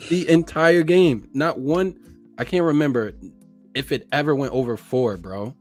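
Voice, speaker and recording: A man's voice: fairly high pitch, measured pace, faint music behind. A man hosting a casual podcast chat, laid-back and calling people "bro". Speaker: podcast host.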